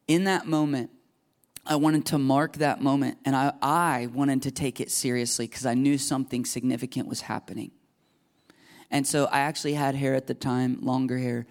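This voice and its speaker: A man's voice: medium pitch, steady tone, moderate pace, pauses often. A man in his thirties preaching a sermon as a pastor, earnest and confessional, acting out quoted prayers.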